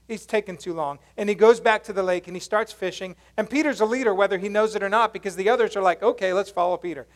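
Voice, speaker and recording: High-pitched guy preaching a sermon, lively storytelling, chatty slang. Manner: animated storytelling, asks the congregation questions; casual slangy phrasing. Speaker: pastor.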